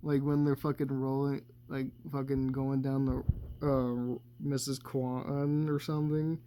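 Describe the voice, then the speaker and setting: A man talks through a movie in a loose, unscripted way. He swears constantly, chuckles between thoughts and trails off as he goes. His voice sits at an everyday middle pitch. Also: level tone, unhurried, dark tone, slight background noise. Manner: rambling, heavy swearing, chuckles often. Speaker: movie reviewer. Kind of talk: casual spoken movie commentary.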